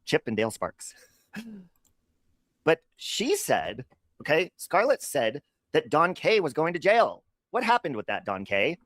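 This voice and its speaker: Male stream host, gossipy and profane, lively pitch, dry close sound. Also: measured pace, no room sound. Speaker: livestream host. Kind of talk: casual livestream chat.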